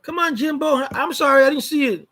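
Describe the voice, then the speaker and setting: High-voiced man hosting a casual live chat. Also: brisk, bright, forceful tone, rough recording. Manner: loose, greets viewers by name, repeats words. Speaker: live stream host.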